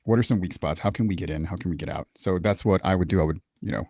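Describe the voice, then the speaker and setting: A man's voice: deep voice, fast talker, no room sound, clean studio sound. A man who is a military veteran, telling a story in a casual interview, swearing freely and acting out the dialogue. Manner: profane, animated, acts out quoted dialogue.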